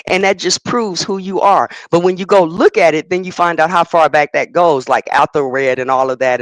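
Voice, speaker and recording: A man's voice: on the high side, steady tone, brisk, few pauses, a bit bright, no echo, rough recording. An American man co-hosting a live stream, explaining his ideas at length in a lecturing way. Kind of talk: casual live-stream chat.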